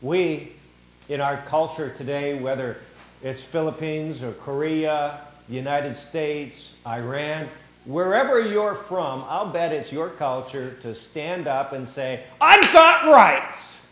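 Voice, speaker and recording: A man preaching a sermon in a church, animated and theatrical, acting out the voices of the people he talks about. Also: fairly high pitch, slow, echoey room, poor audio. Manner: animated, acts out quoted voices. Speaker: pastor. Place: church sanctuary.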